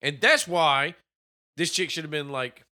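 A young man co-hosting a casual, profane movie-review chat, animated and swearing freely. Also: on the high side, unhurried. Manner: animated, swearing, mimics characters in quotes. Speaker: podcast co-host.

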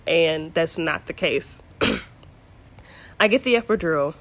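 A woman's voice: low voice, animated, slow. A young woman casually telling her birth story to her viewers, chatty and candid with playful asides.

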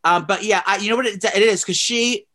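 Man, podcast co-host, gossipy casual chat, animated and profane, slightly high voice. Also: a little fast. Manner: animated, profane, breaks into mocking accent impressions.

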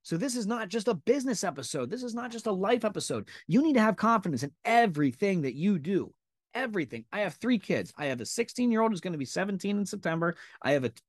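A man's voice: high voice, no room sound, clean studio sound. A man in his thirties hosting a podcast, giving an intense, profane and emphatic motivational monologue. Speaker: podcast host.

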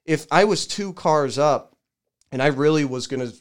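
A man's voice: on the high side, moderate pace. A man co-hosting a podcast, telling a rant in casual chat and acting out people he talks about. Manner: animated ranting storyteller, mimics people in loud raised voices. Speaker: podcast co-host.

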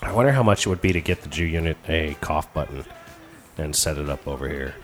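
A man's voice: a bass voice, animated, quick pace, soft background music. A man hosting a casual comedy podcast, telling crude stories in a loose, rambling way full of fillers. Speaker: podcast host.

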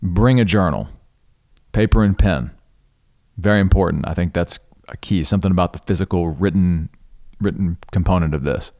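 Male podcast host, earnest and devout, slightly low voice, reflective storytelling with pauses. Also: darkish tone. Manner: earnest, unhurried, pauses and restarts mid-thought; spiritual, devout tone.

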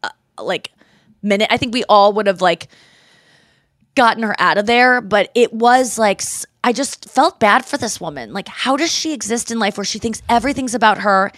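A woman in her forties, a podcast host telling a story in casual chat, animated and slipping into quoted voices. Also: mid-range voice, normal speed, dry recording, studio quality.

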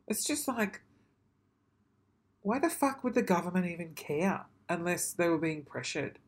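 A man's voice: high voice, lively intonation, a little slow, long pauses. A man ranting casually to camera, swearing freely and then apologising, in a rambling, self-deprecating way. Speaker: vlogger.

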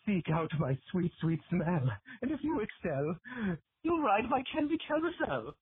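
A man's voice: high-pitched, sing-song, a little slow, breathy edge, no room sound, narrow, tinny audio, exaggerated voice. A man voicing a giant melting man made of fudge who greets the players in sing-song cryptic rhymes during a tabletop game. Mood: creepy sing-song. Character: giant melting fudge man, creepy rhyming candy host.

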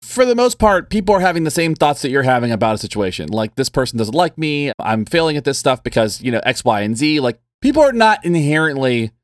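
A man's voice: mid-range voice, very animated, fast, few pauses, no room sound. A man co-hosting a casual podcast, talking in a loose, rambling way full of fillers. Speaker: podcast co-host.

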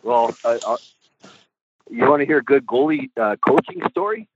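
A man's voice: medium pitch, expressive, normal speed, husky. A middle-aged man, a goalie coach, telling rambling stories on a podcast with chuckles and casual swearing. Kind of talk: podcast storytelling. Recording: tinny phone-like line, dry.

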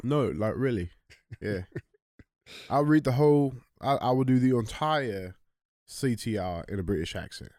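A man's voice: medium pitch, animated, a little slow, pauses often, darkish tone, no echo. A man co-hosting a casual studio podcast, laughing often and reading headlines aloud. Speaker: podcast co-host.

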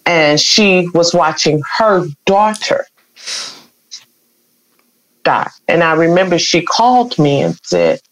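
A woman's voice: on the low side, big pitch swings, slow, long pauses, rough recording. A middle-aged woman, earnestly telling an emotional personal story as an interview guest. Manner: emotional, earnest, acts out quoted voices.

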